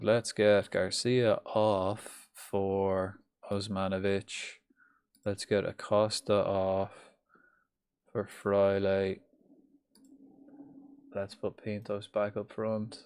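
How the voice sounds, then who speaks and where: A man's voice: fairly low pitch, slow pace, pauses often, a little hiss or hum. An Irish man commentating live on a football management game, swearing freely and chatting with viewers. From Ireland. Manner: swearing, excitable, chatting with chat. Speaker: streamer.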